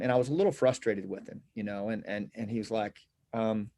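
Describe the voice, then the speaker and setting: A man's voice: on the low side, fairly even intonation, warm tone. Earnest middle-aged man telling his story. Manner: earnest, reflective, halting with fillers. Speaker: guest. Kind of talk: casual conversation, personal storytelling.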